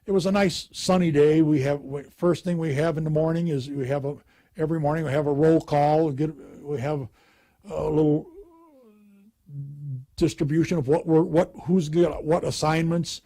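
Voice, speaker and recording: Older man, veteran type, husky and mellow, halting delivery. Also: a little high, fairly even intonation. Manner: halting, with many restarts. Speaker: veteran interviewee. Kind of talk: recounting memories.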